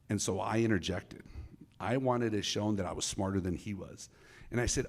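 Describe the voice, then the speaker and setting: A middle-aged man and former federal agent, telling a case story to a live audience in an animated way and acting out the dialogue. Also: fairly low pitch, moderate pace. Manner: animated, acts out dialogue, addresses the crowd directly.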